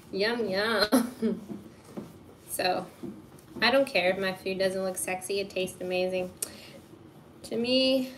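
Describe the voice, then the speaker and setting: A woman's voice: medium pitch, takes it slowly, long pauses. A woman hosting a casual baking livestream from her home kitchen, chatting and laughing at herself as she works. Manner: chatty, laughing, self-deprecating. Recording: noisy kitchen clatter. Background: clattering dishes, pots and pans.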